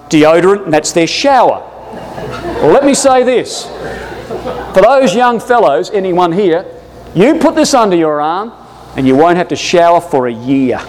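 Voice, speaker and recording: Animated man teaching Bible class. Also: on the high side, slight background noise. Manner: jokey, animated, addresses "brothers and sisters". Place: hall with a live audience. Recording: long echo of a hall.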